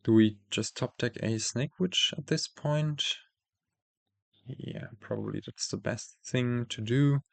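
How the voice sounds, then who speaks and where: A man's voice: medium pitch, takes it slowly, gravelly, dry recording. A man commentating his card game, thinking aloud with many fillers and self-corrections, while losing his voice. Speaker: host playing a card game. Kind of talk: casual gameplay commentary.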